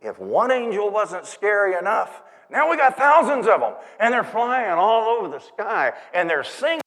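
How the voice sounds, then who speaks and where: A man performing a first-person monologue as a humble, giggly shepherd in a church service, an animated storyteller who stammers and laughs. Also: high voice, moderate pace. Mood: storytelling. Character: humble, giggly old-time male shepherd. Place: church sanctuary. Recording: reverberant church hall.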